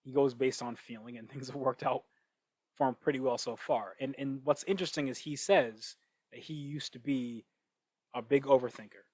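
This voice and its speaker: A man hosting his own podcast, thinking out loud in a casual monologue with many restarts and asides. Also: medium pitch, moderate pace, husky, no room sound, rough recording. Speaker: podcast host. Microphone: cheap microphone. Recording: dry, close cheap-mic sound.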